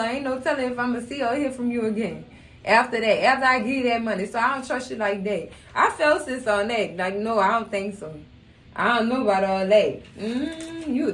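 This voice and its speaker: A young woman hosts a recap channel, chatting casually about a TV show, acting out quotes and laughing often. Her voice is fairly high, a little fast and a bit bright. She was recorded from a distance in an echoey room.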